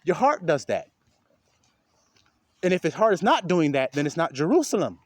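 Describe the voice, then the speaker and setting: Animated high-voiced male preacher. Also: moderate pace, no room sound. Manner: emphatic, preachy, swings between loud outbursts and low asides, acts out quoted voices; profane, colloquial. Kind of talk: informal street sermon.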